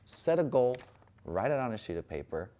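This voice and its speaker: A man's voice: mid-range voice, big pitch swings, moderate pace, dark tone. A young man talking casually and playfully to camera from his couch, giving slangy motivational advice. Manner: playful slangy delivery, puts on voices for his dog. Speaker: fitness vlogger. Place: home, sitting on a couch.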